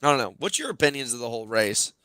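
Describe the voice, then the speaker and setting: A man hosts a podcast in casual chat, spinning animated stories full of fillers. His voice is smooth and resonant, at an ordinary middle pitch. The sound is dry and close. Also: fast talker, no room sound. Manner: animated, loose storytelling with many fillers. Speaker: podcast host.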